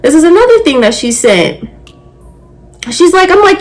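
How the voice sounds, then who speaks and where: A woman in her twenties, a nail technician, telling a story in a blunt, profane, animated rant. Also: very high-pitched, normal speed, faint music behind, rough recording. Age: 20s.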